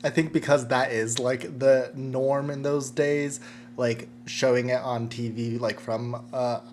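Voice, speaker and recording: A man's voice: mid-range voice, steady tone, unhurried, a little hiss or hum. A man co-hosting a film podcast, offering his take thoughtfully with lots of "like" fillers. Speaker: podcast co-host. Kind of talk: casual film discussion.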